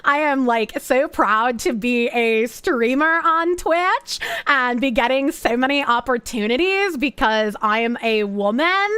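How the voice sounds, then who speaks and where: Brief: a woman doing a ditzy, gushing valley girl, high and bright, drawn out, close and dry. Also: smooth, dry recording. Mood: mock gushing. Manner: drawn-out, filler-heavy gushing.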